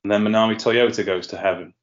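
Man, podcast host, rambling casual chat, lowish voice, muffled lo-fi sound. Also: steady tone, fast. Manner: chatty, rambling, laughs at own jokes.

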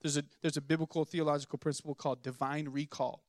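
A young man preaching a sermon in a church, telling stories with animated acted-out voices and asking the congregation to respond. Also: on the high side, fast, dry recording, clean studio sound. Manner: animated storytelling, acts out voices in anecdotes. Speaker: pastor. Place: church sanctuary.

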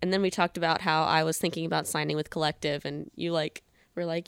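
A woman's voice: deep voice, fairly even intonation, fast talker, vocal fry, clear, resonant tone, no room sound, studio quality. A woman hosting a casual podcast chat, giggling often and reading old messages aloud in playful voices. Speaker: podcast host.

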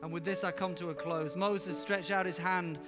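A man preaching a sermon with personal stories, emphatic and animated, sometimes rising to loud exclamations. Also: sits high, moderate pace. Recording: reverberant hall with music underneath.

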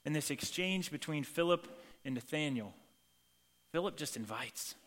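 Casual preacher in an echoing hall. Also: male voice, fairly high pitch, moderate pace. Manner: casual and animated, acts out quoted lines. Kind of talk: sermon. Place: church sanctuary. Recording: long reverb of a large hall.

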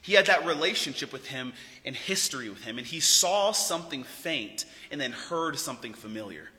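A man preaching a sermon as a pastor, talking in a casual, animated and joking way. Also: medium pitch, normal speed. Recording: long hall reverb.

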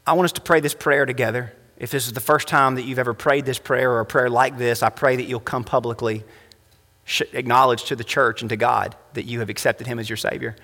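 A man's voice: medium pitch, steady tone, brisk. Impassioned preacher man in a reverberant church. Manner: impassioned, rising to emphatic peaks then dropping soft. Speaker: pastor. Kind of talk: sermon. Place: church sanctuary. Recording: long reverb of a church hall.

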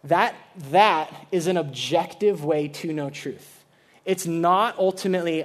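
A man with a fairly high voice delivers a sermon in a relaxed, conversational way. He explains ideas plainly to a young audience, stumbling and restarting as he thinks aloud, with filler words throughout. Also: a little slow. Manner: chatty, loose, with many "like" fillers and restarts. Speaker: preacher. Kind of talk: casual sermon.

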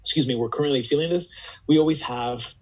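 A man's voice: medium pitch, fast talker, husky, poor audio. A man speaking as a guest in a reflective conversation, earnest and searching, often repeating words as he gathers his thoughts. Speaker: podcast guest.

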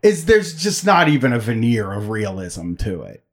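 A man co-hosting a call-in show, talking in rambling, profane, animated banter. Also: medium pitch, moderate pace. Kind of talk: crude casual banter.

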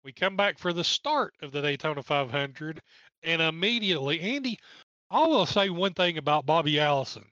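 A man with a fairly high, sharp-toned voice and an East Tennessee accent speaks in an animated way at a normal pace. As a podcast co-host he casually recaps an old race with wry humor and jokes between driver lists, in a dry, lo-fi recording.

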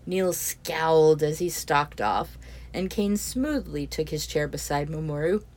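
Low-voiced woman narrating a story. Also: animated, a little slow, darkish tone. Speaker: audiobook narrator.

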